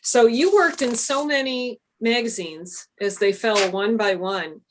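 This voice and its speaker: An easygoing woman moderates an author event over a video call. She asks relaxed questions and keeps up a steady stream of brief backchannels. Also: fairly high pitch, a little slow, a little hiss or hum. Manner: easygoing, laughs along, short backchannels. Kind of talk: interview questions.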